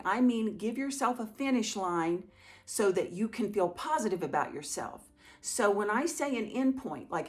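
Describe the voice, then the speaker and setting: A middle-aged woman talks casually through viewer questions in a gentle, reassuring way. She sounds like the host of a home organizing channel, encouraging and chatty. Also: medium pitch. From small town. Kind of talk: casual Q&A talk to camera.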